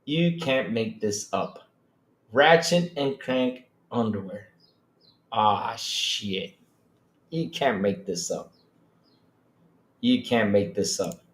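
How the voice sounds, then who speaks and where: A man hosting a live-stream gaming podcast, loud and excitable, swearing often. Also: lowish voice, slow pace, long pauses. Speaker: podcast host. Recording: roomy echo.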